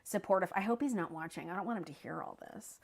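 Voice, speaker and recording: A woman in her thirties, a guest on a podcast, talking in an animated, casual way, often laughing and swearing casually. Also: on the low side, quick pace, gravelly.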